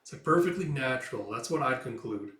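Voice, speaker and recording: A man's voice: mid-range voice, lively intonation, fairly quick, fairly bright tone. A man casually retelling a comic, reading out the dialogue and leading each quoted line with "it's like.". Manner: chatty, leans on "it's like" to introduce quoted lines. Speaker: manga reviewer. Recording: roomy echo, voice heard from a distance.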